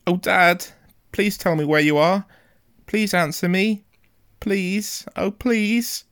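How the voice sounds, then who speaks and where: A man voicing a frightened young boy who calls out high and pleading for his father. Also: very animated, normal speed, full character voice. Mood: pleading, shouting.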